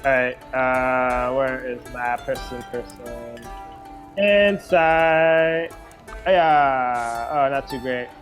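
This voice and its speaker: A man playing a tabletop game, talking about his moves in a relaxed, eager way. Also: mid-range voice, drawn-out words, soft background music. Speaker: player. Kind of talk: casual game talk.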